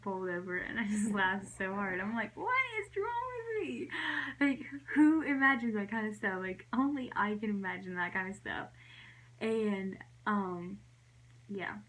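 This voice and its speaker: A young woman telling a story in a casual vlog, rambling and giggling, with lots of fillers and soft whispered asides. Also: mid-range voice. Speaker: vlogger.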